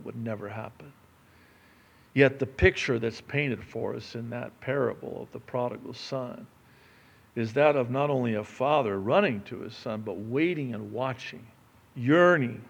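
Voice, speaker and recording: A man's voice: medium pitch, vocal fry, slightly rough. A man from the Middle East preaching a sermon with passion, acting out the story in character voices. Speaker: pastor.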